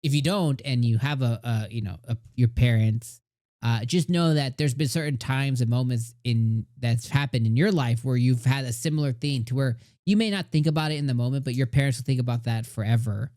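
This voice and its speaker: A man's voice: medium pitch, a little fast, darkish tone, dry recording, studio quality. Gushing middle-aged man reviewing anime. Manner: gushing, rambling with many fillers. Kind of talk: casual review commentary.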